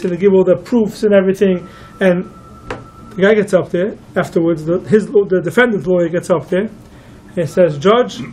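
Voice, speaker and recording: A man's voice: sits high, darkish tone, slight background noise, poor audio. A man, a rabbi, telling a long story to listeners and quoting each figure in turn. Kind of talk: storytelling talk.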